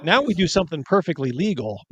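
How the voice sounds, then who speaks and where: A man's voice: on the high side, very animated, fast talker, a bit bright, lo-fi sound. A man hosting a podcast, telling stories in casual chat and rambling through them with lots of fillers. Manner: rambling storyteller, heavy on fillers. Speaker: podcast host.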